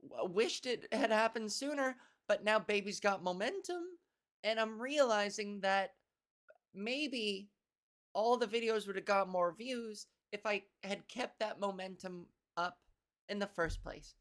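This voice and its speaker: A hoarse woman hosting a casual solo comedy podcast, rambling and profane, often clearing her throat and playing with the pitch of her voice. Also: unhurried. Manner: frequent coughs and throat clearing.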